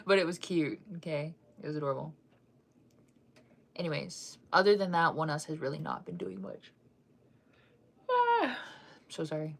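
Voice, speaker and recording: A woman's voice: low voice, normal speed, vocal fry. A young woman hosting a casual fan news chat, rambling with lots of fillers and restarts while she keeps yawning and sighing.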